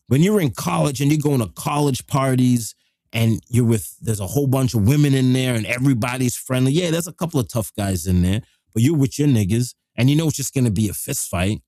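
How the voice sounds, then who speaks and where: A middle-aged man, hosting a live show and telling a rough, profane story in casual street slang. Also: mid-range voice, dark tone, no echo, studio quality.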